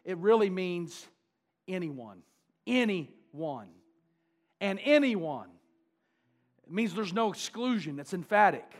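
Pastor, male, slightly high voice, emphatic repeating sermon style. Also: expressive, slow, long pauses. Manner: emphatic, repeats key words for stress.

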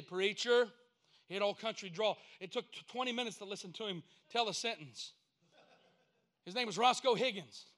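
A man delivers a sermon in a high, bright voice. He talks in a homespun, storytelling way and keeps building to emphatic, repeated points. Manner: folksy storytelling preaching, rising to emphatic points. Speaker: pastor.

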